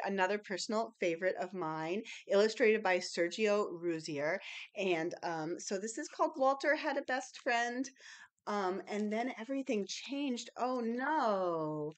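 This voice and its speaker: A woman's voice: medium pitch, fairly bright tone. Chatty, enthusiastic woman librarian. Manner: chatty and enthusiastic, with frequent ums and gasps. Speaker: librarian presenting new books. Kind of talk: casual unboxing chat.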